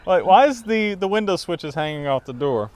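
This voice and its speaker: A man in his thirties hosting a garage video, upbeat and quick to laugh as he rambles. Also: sits high, lively intonation, darkish tone. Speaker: host. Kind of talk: casual chat.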